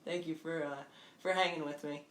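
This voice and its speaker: A woman's voice: low voice, steady tone, moderate pace. A woman fitness instructor leads a live online workout, upbeat and encouraging as she calls out steps and counts. Her voice sits in a mid range and carries a roomy echo, picked up by a microphone some distance away. A faint hum of background noise runs underneath.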